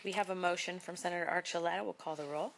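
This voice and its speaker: A woman chairing a legislative committee hearing, moving through testimony and motions in a brisk, procedural way with a light joking touch. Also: lowish voice, steady tone, creaky, soft background music.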